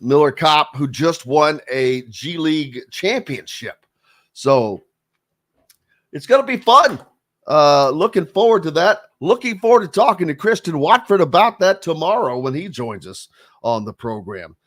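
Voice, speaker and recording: A man's voice: fairly high pitch, lively intonation, a little slow, fairly bright tone. Chatty male sports radio host. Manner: rambling, with many fillers and restarts. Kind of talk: casual sports radio talk.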